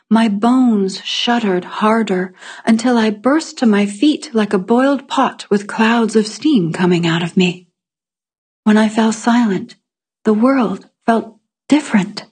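A woman narrating a first-person fantasy story in a calm, measured storytelling manner. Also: mid-range voice, slightly rough. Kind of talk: scripted fiction narration.

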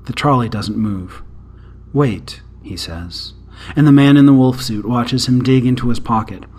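A man reads a short story in a calm, even narrating voice. His pitch is middling for a man, neither deep nor high. The delivery is steady and scripted. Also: moderate pace.

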